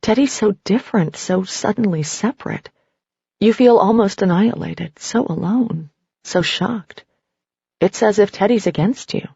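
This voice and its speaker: Casting: woman narrator, husky and gravelly, measured second-person telling, dull dry recording. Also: mid-range voice, dark tone, dry recording. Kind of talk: scripted story narration.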